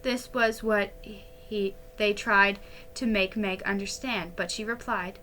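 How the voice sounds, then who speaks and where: A woman narrating a classic ghost story aloud in an unhurried storytelling manner, with a few slips and restarts. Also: mid-range voice, steady tone, bright, forceful tone, slight background noise. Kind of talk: reading a classic novel aloud.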